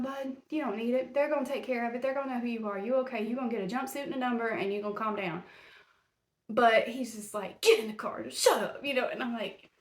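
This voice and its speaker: A woman hosting a true-crime podcast, blunt and indignant as she scolds the accused directly in casual commentary. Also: a little high. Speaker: podcast host. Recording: roomy echo.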